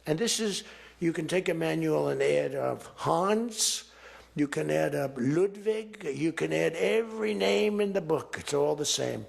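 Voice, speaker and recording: Man, political speech, rambling and boastful, gravelly voice, slightly high pitch. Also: a little slow. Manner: rambling, boastful storytelling with repetition. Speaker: political speaker. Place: large auditorium.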